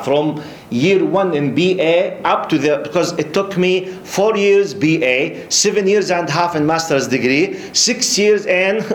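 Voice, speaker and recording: A middle-aged man from Jordan with a Jordanian Arabic accent, a lecturer giving a lively religious talk full of stories, laughing often and repeating words. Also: on the high side, a little hiss or hum. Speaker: Islamic studies lecturer. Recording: roomy echo.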